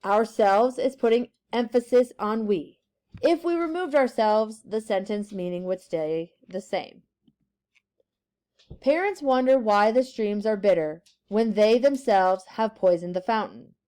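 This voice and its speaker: A woman teacher giving a classroom grammar lesson, slowly stressing key words and reading example sentences aloud. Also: mid-range voice, expressive, warm tone.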